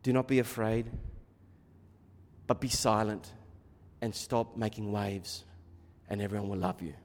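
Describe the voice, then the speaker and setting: A man preaching an expository sermon, moving from quiet, musing asides to loud, fervent exhortation. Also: fairly low pitch, measured pace, big-room sound.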